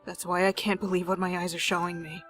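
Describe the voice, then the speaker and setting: Bright young woman reading a game aloud. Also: lowish voice, little pitch movement, quick pace, soft background music. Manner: dramatic, jokey, panicky reactions. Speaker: game streamer. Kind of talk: reading a visual novel aloud with commentary.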